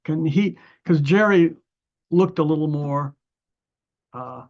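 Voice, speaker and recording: A man's voice: a little high, slow pace, a little mellow, highs cut off. Older man from Ohio, rambling storyteller. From Ohio, USA. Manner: rambling anecdotes with many restarts and fillers; acts out other people's lines in the story. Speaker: musician guest. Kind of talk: conversational storytelling.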